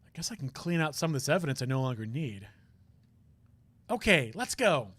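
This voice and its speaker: A man's voice: on the high side, sing-song, fairly quick, a bit bright, dry recording. A man casually reading a game aloud, with chatty, self-deprecating asides.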